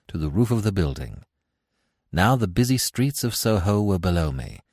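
A man giving scripted narration of a classic tale in a measured, expressive way. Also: low-pitched, dry recording, clean studio sound. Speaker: audiobook narrator.

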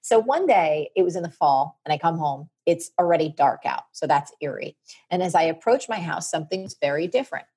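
Husky woman telling a lively story. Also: sits low, a little fast. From New Jersey. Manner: animated, vivid storyteller. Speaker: guest. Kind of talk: personal storytelling on a podcast.

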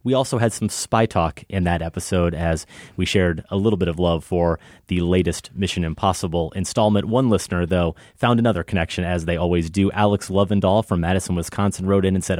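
A man's voice: sits low, darkish tone, no room sound, studio quality. A man hosting a film podcast in a playful, teasing chat with his co-host. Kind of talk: casual chat.

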